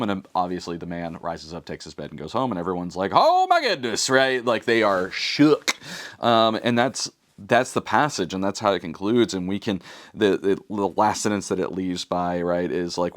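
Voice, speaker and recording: A man who is a pastor, reading scripture and then reflecting on it in a casual, conversational way, with many fillers and bits of slang. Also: low voice.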